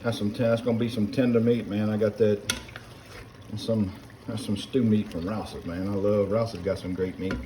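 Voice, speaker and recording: Folksy man, mid-range voice, rambling cooking-vlog chat at the stove, light kitchen hiss behind. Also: mid-range voice. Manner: rambling, folksy, calls viewers y'all and son. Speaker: home cook.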